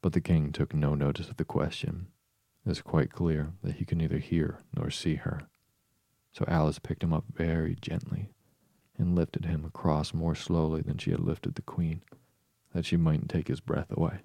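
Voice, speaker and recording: A man narrating a storybook audiobook in a steady, measured reading. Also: a bass voice, creaky, dry recording.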